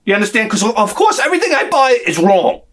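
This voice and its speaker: A man's voice: high voice, very animated, quick pace, a bit bright. A man telling an exasperated, profane story in a sarcastic comic rant on his vlog. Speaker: vlogger.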